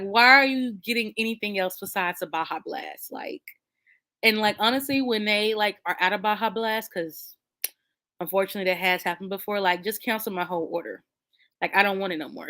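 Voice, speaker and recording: A woman hosts a book channel and chats casually with her viewers, reading out their comments and answering them. She talks in an animated, slangy, playful way and breaks into laughter often. Her voice sits at an ordinary middle pitch.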